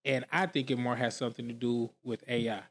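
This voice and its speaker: A man co-hosting a podcast in casual chat, who gets animated and rises in pitch when pressing a point. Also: brisk, gravelly. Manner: animated, rising excitedly when making a point. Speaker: podcast co-host.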